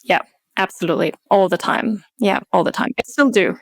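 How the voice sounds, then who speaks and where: A woman's voice: mid-range voice, brisk, no echo. A young adult woman from Austria, German her first language, with an Austrian accent, speaking thoughtfully as a podcast guest. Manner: reflective, talks in long hedged sentences with many "um" and "like". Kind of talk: casual interview chat.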